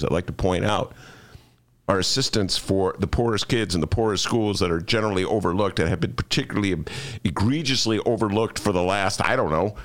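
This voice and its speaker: A man's voice: lowish voice, fairly bright tone. An older man hosting a radio talk show, chatting casually in a joking, ranting way.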